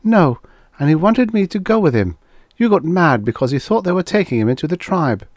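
An anxious young woman castaway on a rough alien world, her voice pitched high and pressing, as a man reading the story puts her on. She sounds urgent and edgy, with a dry, close sound and no room around it. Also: sing-song, brisk, a little mellow, dry recording. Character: young adult woman, anxious stranded colonist.

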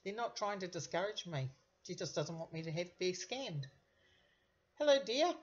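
A woman's voice: lowish voice, normal speed. A middle-aged woman, a vlogger giving casual commentary with wry, sarcastic asides. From New Zealand. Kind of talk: casual commentary reading out messages. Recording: dull lo-fi recording.

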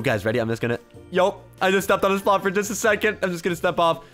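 A young man narrating a video game with an animated, bouncing pitch that sits a little high for a man. He swings from hushed muttering to sudden shouts. Faint music plays under his voice. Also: fast talker. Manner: excitable, jumps between hushed and shouting. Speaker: gaming YouTuber. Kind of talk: excited gameplay commentary.

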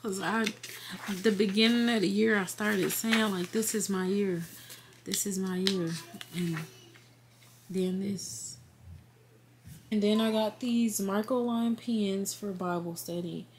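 A woman chatting warmly on her home vlog, retelling a story with quoted dialogue and heartfelt excitement. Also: mid-range voice, slow pace, long pauses, a little hiss or hum. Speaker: vlogger, work-from-home mom. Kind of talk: casual faith vlog chat. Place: at home, sitting on the bed.

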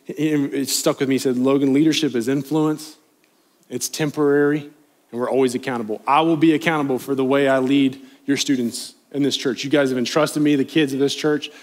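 A young youth pastor preaches a sermon to a live congregation in a church sanctuary. His mid-range voice moves fairly quickly with a flat delivery, yet he speaks earnestly and conversationally, pleading as his emphasis rises.

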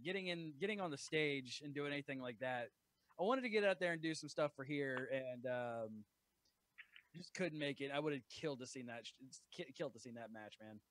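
Male podcast host, high voice, bright, loud and excitable, swears a lot, casual chat, dry close mic. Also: no room sound. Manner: loud, excitable and profane, with many fillers.

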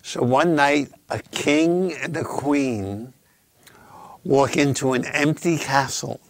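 A man posing riddles in casual chat, playful and teasing, slowing down to repeat the key lines. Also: medium pitch, no room sound.

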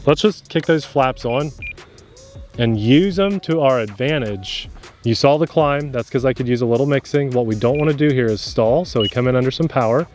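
A man's voice: mid-range voice, moderate pace, a little mellow, faint music behind. A young adult man, chatty and easygoing, explains what he is doing as he flies a model plane at an outdoor field. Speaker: RC pilot and channel host. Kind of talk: casual outdoor flying commentary.

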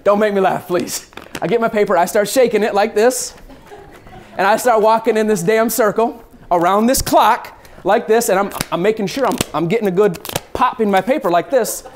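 A man telling a personal travel story, acting out scenes with lively shifts and the occasional swear word. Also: sits high, normal speed, a little hiss or hum.

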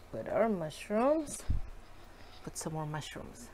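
A woman cooking at home and chatting to her viewers, giggly and excitable. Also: fairly low pitch, slow pace, background noise. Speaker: cooking vlogger. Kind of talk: casual cooking chat to viewers. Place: home kitchen.

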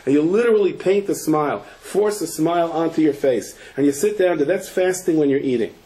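A man, a rabbi, giving a Torah lecture full of stories and Hebrew and Yiddish terms. He tells them with animation and breaks into shouts at the punchlines. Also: fairly high pitch, brisk, rough recording. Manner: sprinkles Yiddish and Hebrew terms, frequent restarts.

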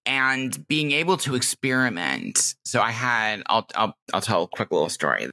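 A woman's voice: extremely low pitch, big pitch swings, moderate pace, pushed and bright. A woman guest speaking in a podcast interview, candid and reflective, with a nasal, self-made Californian-Midwestern accent. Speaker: guest, game designer.

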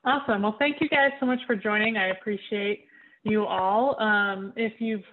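A woman's voice: mid-range voice, moderate pace. A woman co-organizer speaking casually on a video call, friendly in manner. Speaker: guest co-organizer. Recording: tinny call audio.

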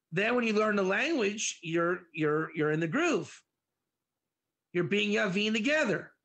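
A male teacher whose voice sits high and bright, with a gravelly fry running under it. He leads an interactive class on Proverbs, acting out little scenes and answering students by name. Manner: animated, dramatizes examples, answers students by name. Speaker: Torah teacher.

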